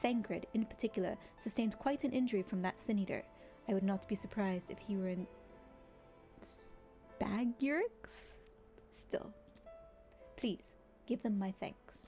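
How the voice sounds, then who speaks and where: A woman's voice: medium pitch, a little slow, long pauses, mellow, faint music behind, lightly acted. A woman reading a formal dutiful guard captain. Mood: polite formal. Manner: polite, formal, read aloud.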